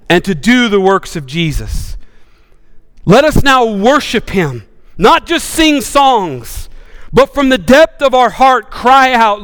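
A male pastor preaching with passion, swinging from bold rises to sudden hushed drops. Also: high-pitched, clear, resonant tone, big-room sound. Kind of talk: sermon.

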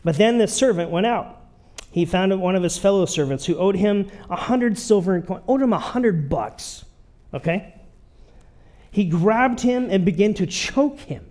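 High-voiced man preaching a casual sermon. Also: expressive, unhurried, darkish tone. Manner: conversational, checks in with the listeners often. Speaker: pastor.

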